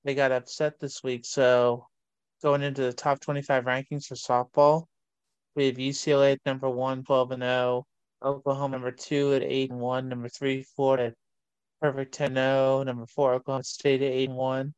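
A man, hosting a casual sports show and reading long lists of college rankings in a steady way. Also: mid-range voice, moderate pace, clean tone, no room sound, lo-fi sound.

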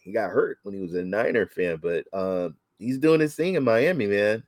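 A man co-hosting a casual sports chat, talking excitably with many halting restarts. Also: on the low side, no echo. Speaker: podcast co-host.

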